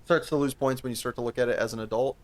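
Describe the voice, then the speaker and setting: A man's voice: mid-range voice, fairly even intonation, racing. A man co-hosting a podcast, talking casually about a movie, rambling with restarts and plenty of swearing. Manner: rambling, profane, restarts often. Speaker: podcast co-host. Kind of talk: casual chat.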